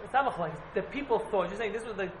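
A high-pitched man speaks fast while teaching a small, casual Talmud class, rambling and repeating himself and hedging frequently as he explains. The room is echoey, and background noise is audible.

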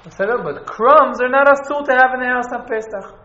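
A man teaching an informal class on Jewish law, halting and restarting as he explains. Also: very high voice, sharp tone. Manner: halting, restarts, Hebrew and Yiddish terms. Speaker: Torah teacher. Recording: echoey, dull room recording.

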